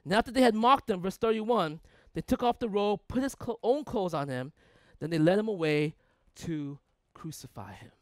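A man's voice: high voice, lively intonation, normal speed, dry recording, studio quality. A male pastor preaching a sermon in a conversational way, asking his listeners rhetorical questions and building long emphatic lists.

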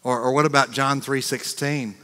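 A man with an American accent, a pastor preaching a sermon in a conversational way, acting out quick reactions and repeating words. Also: medium pitch, steady tone, fairly bright tone. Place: church sanctuary. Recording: long reverb of a large church.

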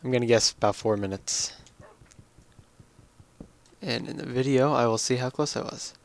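A tired young man slowly rambling through casual commentary on his own game. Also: mid-range voice, creaky. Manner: slow, drowsy, rambling. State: tired, yawning. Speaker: let's play gamer.

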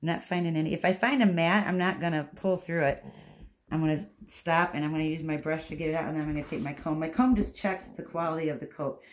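A woman's voice: low voice, steady tone, fast talker. A woman dog groomer giving a hands-on grooming tutorial, chatty and reassuring, talking to the dog as she explains. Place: grooming room, indoors. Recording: echoey room with faint background noise.

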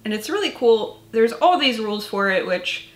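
A woman's voice: on the high side, big pitch swings, normal speed, echoey room. A woman vlogging about books in a casual chat, tired and rambling, swearing casually and filling her talk with "like" and "um". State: tired, yawning. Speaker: book vlogger.

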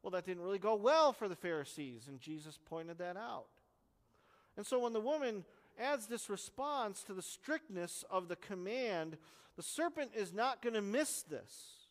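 A man with a notably high speaking voice preaches an expository sermon, earnest and explanatory, pressing hard on key words. His voice carries a long reverb from a church sanctuary. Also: animated, normal speed. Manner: earnest, explanatory teaching with strong emphasis. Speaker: pastor.

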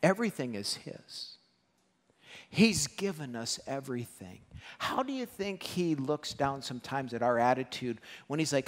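A man preaching a sermon to a congregation, animated and joking, acting out quoted voices. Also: medium pitch, a little slow, long reverb tail. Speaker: pastor. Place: church hall.

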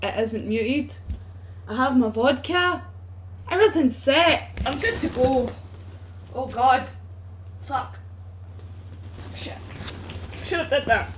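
A woman's voice: sits high, animated, slow pace, long pauses, a little hiss or hum. A young woman chatting casually and bluntly to her viewers on a live stream, swearing freely, into a streaming microphone at home.

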